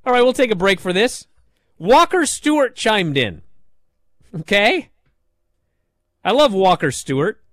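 A man co-hosting a casual podcast, ranting in an animated, exasperated way and mocking lines by reading them aloud. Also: sits high, measured pace, long pauses, dry recording, clean studio sound. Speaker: podcast co-host. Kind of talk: casual wrestling discussion.

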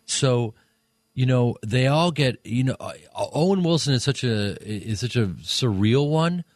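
Casting: male comic guest, mid-pitched, rambling and self-mocking, dry studio mic. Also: expressive, darkish tone, no echo. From Chicago, USA. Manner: rambling, self-mocking, quick to slip into voices. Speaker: comedian and actor guest. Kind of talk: casual radio interview chat. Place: radio studio.

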